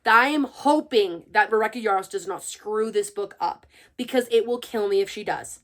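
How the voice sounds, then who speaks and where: A young woman who hosts a book channel, chatting casually and excitedly to her viewers. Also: mid-range voice, normal speed. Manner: gushing and chatty, full of fillers. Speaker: book reviewer and channel host. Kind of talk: casual chat to camera.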